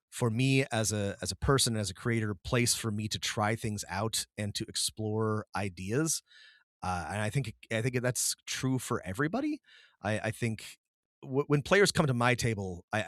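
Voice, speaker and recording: Here a man with a medium-pitched, fairly bright voice co-hosts a podcast, rambling through casual conversation with lots of restarts and laughter. It's studio quality, free of echo.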